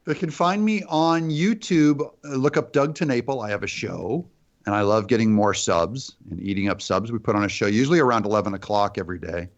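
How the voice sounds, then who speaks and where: Dry, dark-joking male podcast guest. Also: fairly low pitch, fairly quick, muffled recording. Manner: dry, self-mocking dark humor. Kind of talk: casual chat.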